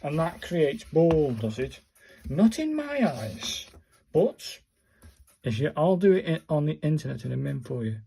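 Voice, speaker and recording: A man's voice: fairly high pitch, a little fast, vocal fry, hardly any pauses, mellow, slight background noise. A man, chatting casually in a vlog and muttering to himself as he counts and searches. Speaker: vlogger learning Japanese writing. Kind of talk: casual thinking-aloud tutorial chat.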